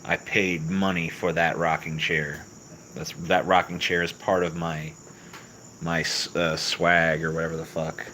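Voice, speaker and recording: A man hosting a livestream and answering chat, with profane, mocking, deadpan replies. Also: sits low, a little slow, a little hiss or hum, poor audio. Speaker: livestream host reading chat. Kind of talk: crude, sarcastic livestream chat.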